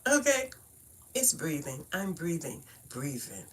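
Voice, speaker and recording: A chatty middle-aged woman with a Brooklyn accent hosts a casual livestream, tossing playful asides to her viewers and laughing easily. Her voice is bright and forward, with a faint hiss behind it from the home stream. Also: a bass voice, animated, a little slow. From Brooklyn, New York. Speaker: livestream host teaching cardology.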